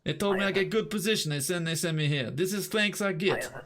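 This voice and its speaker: Game read-out: a man doing a whiny underpaid border guard, mock Russian accent, pitched up, halting broken phrasing. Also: fairly bright tone, a little hiss or hum. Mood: wheedling, aggrieved. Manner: stilted broken speech, higher than his own voice. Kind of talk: reading game dialogue aloud.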